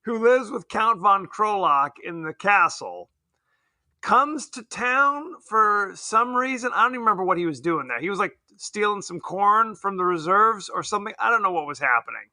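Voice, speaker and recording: A man's voice: sits high, expressive, moderate pace, pushed and bright, no echo, clean studio sound. A man co-hosting a podcast, chatting casually and jokingly about a film, laughing often. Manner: joking, laughs often, puts on silly voices. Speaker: podcast co-host. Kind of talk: casual film review chat.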